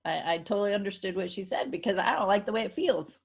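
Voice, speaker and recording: A woman with a gravelly edge to her voice co-hosts a relaxed spiritual chat. She tells stories with emphasis, slipping into quoted lines of her own speech, at a middle pitch. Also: quick pace. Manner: emphatic, storytelling, quotes herself often. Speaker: co-host.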